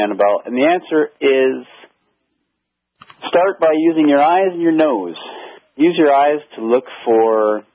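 A man's voice: mid-range voice, husky, dry recording. Canadian man explaining over a phone line. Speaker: guest, product manufacturer. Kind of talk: explanatory radio interview. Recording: tinny dry phone line.

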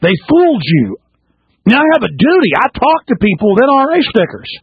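A man's voice: very high-pitched, sing-song, fast talker, slightly rough, dry recording. A man hosting a talk radio show, ranting in an emphatic way, with stumbling restarts and strings of rhetorical questions. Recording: slightly muffled radio broadcast.

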